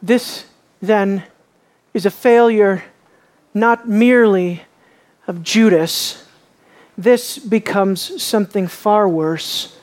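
Male preacher, sermon, expository, hushed low emphasis, questions to audience. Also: slow, pauses often. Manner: expository, drops low and quiet on key lines.

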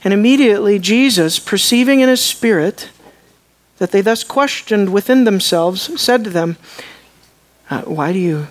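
A preacher delivering a sermon, swinging between hushed, slow asides and loud, emphatic declarations, and asking the listeners rhetorical questions. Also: mid-range voice, expressive.

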